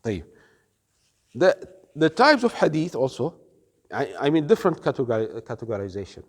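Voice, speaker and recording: This man's mid-range voice is sing-song and a bit rough as he delivers a classroom lecture on Islamic studies. He goes through the material slowly, asks the class questions, and mixes in Arabic words, all with a long reverb tail behind him.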